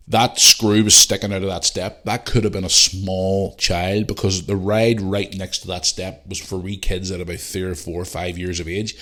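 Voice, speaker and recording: Deep-voiced sweary man telling a story. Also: moderate pace. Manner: animated, sweary, acts out the voices in his story. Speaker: podcast host. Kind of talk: casual storytelling monologue.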